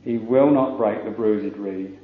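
A man's voice: lowish voice, phone-quality sound. Man preaching a solemn sermon, echoey. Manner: solemn, measured preaching with King James quotations.

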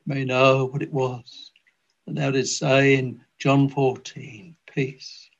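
Slow, fervent man praying aloud. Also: medium pitch, flat delivery. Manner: slow, fervent, old-fashioned King James phrasing. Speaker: minister leading prayer. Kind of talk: extemporaneous congregational prayer. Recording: dull lo-fi old recording.

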